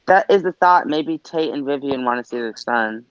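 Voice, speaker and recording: A man's voice: medium pitch, normal speed, clean tone. A man joining a casual show discussion as a guest, hedging his ideas with "like" and "I don't know.". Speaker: guest panelist. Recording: dull dry lo-fi audio.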